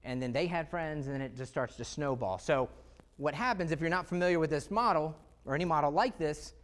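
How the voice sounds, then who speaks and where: A man giving an energetic, conversational presentation to real estate agents, full of rhetorical questions. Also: fairly high pitch, fairly quick. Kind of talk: live sales presentation.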